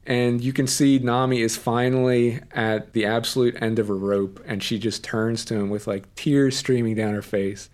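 A mid-pitched man talks in an easy, conversational way as he co-hosts a recap podcast. He retells scenes with eager energy, quoting characters and filling gaps with casual fillers. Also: steady tone, moderate pace, few pauses, a little mellow. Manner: enthusiastic, filler-heavy retelling with quoted lines. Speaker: podcast co-host.

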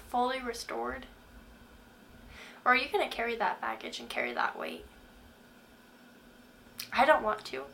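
Earnest woman with a bright voice. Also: on the high side, creaky, slight background noise. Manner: earnest, asks the listener direct questions. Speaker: Christian speaker. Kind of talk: faith-based motivational talk.

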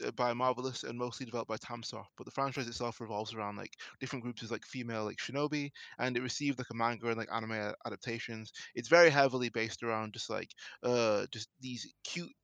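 A man's voice: medium pitch, fairly quick, fairly bright tone, dry recording. A man chatting on a podcast, telling stories with lots of fillers and restarts. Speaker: podcast co-host. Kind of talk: casual podcast chat.

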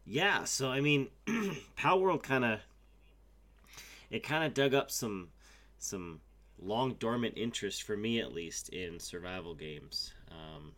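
A man co-hosting a podcast in a casual chat, a bit hoarse as he gets over a sickness, rambling with fillers. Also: lowish voice, animated, slow, a bit bright. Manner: rambling, with many fillers and restarts. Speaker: podcast co-host.

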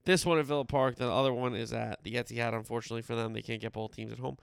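A man's voice: mid-range voice, steady tone, rapid-fire, vocal fry, clear, resonant tone, no room sound, clean studio sound. A man casually running through soccer scores and previews as a podcast host, rambling and correcting himself as he goes. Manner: conversational, rambling with fillers and self-corrections. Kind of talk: casual sports roundup.

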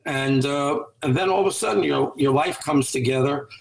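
A man's voice: mid-range voice, moderate pace, vocal fry, roomy sound, low-quality recording. A man speaking as a guest in an interview, giving earnest, motivational advice with a coaching tone.

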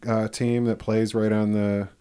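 Chatty male host, casual and profane, low pitch. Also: little pitch movement, a little slow, dark tone, clear, resonant tone. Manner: chatty, laughs often, swears casually. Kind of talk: casual chat.

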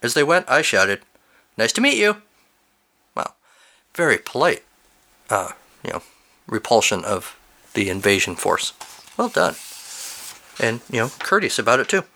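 Bright-voiced man reading silly stories. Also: on the low side, moderate pace, pauses often. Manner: animated, amused asides between read lines. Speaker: host reading listener stories. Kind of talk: reading fill-in-the-blank stories aloud with commentary.

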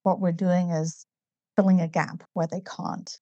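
A middle-aged woman from the northeast of England with a northern English accent softened by years in America, explaining things in a measured way with frequent ums as an interview guest. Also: fairly low pitch, little pitch movement, no room sound, highs cut off. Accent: northern English, partly American. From Newcastle, northeast England. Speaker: guest, company founder. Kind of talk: casual interview.

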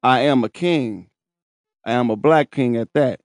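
A man telling his own story in casual, profane, animated talk, laughing and breaking into high shouts. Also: unhurried, no echo, studio quality.

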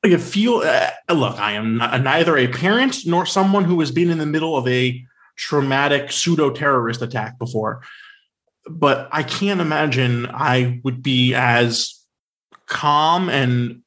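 Sarcastic, animated man chatting about films. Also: medium pitch, measured pace. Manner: sarcastic, animated, full of fillers. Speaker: podcast co-host. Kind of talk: casual film discussion.

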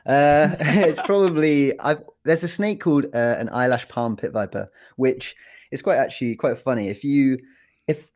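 A young man with an English accent talks in a relaxed, chatty way as an interview guest. He is a PhD researcher who rambles a little, with plenty of fillers and restarts. His voice sits at an ordinary middle pitch. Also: normal speed. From England. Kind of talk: casual interview chat.

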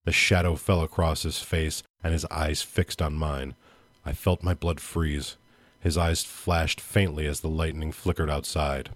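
A man who hosts a podcast and reads a dark first-person story aloud with steady expression. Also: a bass voice, measured pace, no room sound. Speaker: podcast host. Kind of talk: dramatic story reading.

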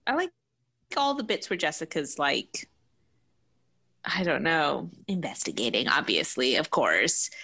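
A woman's voice: deep voice, pushed and bright. A woman co-hosting a casual chat, talking with many laughs and wandering off on tangents. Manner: chatty, laughs often, goes off on tangents. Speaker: podcast co-host.

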